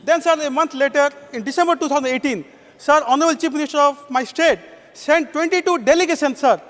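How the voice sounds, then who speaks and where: Indian male lawmaker, high voice, formal floor speech, long hall reverb. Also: fast, fairly bright tone. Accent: Indian English. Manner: formal, says "sir" constantly. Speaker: member of parliament. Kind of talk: parliamentary speech. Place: parliament chamber. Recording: long echo of a large chamber.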